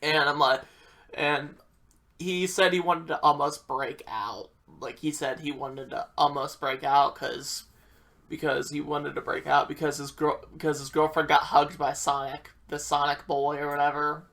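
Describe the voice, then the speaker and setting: A man's voice: fairly high pitch, fairly even intonation, a little slow, sharp tone. A young man telling a rambling, profane storytime about his school days and acting out what people said. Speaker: vlogger.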